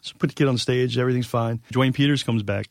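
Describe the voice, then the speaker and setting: A man's voice: mid-range voice, steady tone, quick pace, gravelly, no room sound, clean studio sound. A man telling a long tour story in a casual chat, rambling and profane, with many fillers. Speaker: guest musician.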